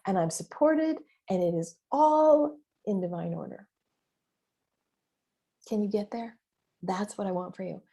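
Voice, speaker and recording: A middle-aged woman with a warm, mellow voice talks through a casual solo podcast episode. Her delivery is emphatic and animated, dotted with mild swearing and quick quoted asides of her own thoughts. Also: mid-range voice. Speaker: podcast host and business mentor.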